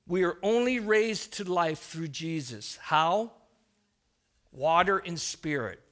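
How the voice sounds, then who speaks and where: Bright, high-voiced male preacher. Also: lively intonation, slow. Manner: emphatic, with frequent restarts. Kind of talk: sermon.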